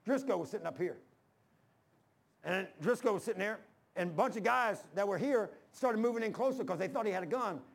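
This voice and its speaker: A male preacher delivers a sermon in a church, in a high, gravelly voice. He tells folksy stories and acts out the dialogue as he goes. His delivery is colloquial and conversational. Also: lively intonation, fairly quick. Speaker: pastor.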